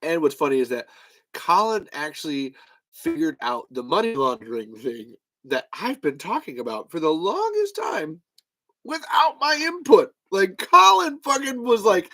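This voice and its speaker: A man's voice: a little high, wildly swooping pitch, measured pace, bright, forceful tone, low-quality recording. Rambling, swearing male podcast host. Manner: rambling, profane. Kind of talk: casual chat.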